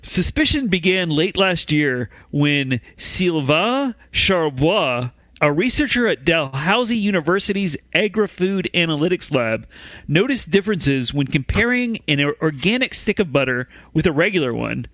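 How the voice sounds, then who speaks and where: A man's voice: on the high side, big pitch swings, moderate pace, a bit bright, dry recording. A man co-hosting a comedic news podcast, reading stories aloud with stumbles and laughs.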